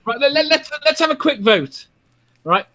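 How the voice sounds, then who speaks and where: A man's voice: extremely high pitch, big pitch swings, normal speed, pushed and bright. A man on a group call who runs a quiz segment, playful and laughing often. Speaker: guest running a quiz. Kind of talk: casual chat on a video call.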